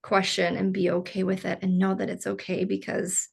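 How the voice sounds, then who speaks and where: A woman's voice: medium pitch, completely flat delivery, moderate pace, creaky, husky. Earnest woman hosting a podcast chat. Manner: earnest, filler-heavy with "like" and "you know". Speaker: podcast host. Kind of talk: casual interview chat.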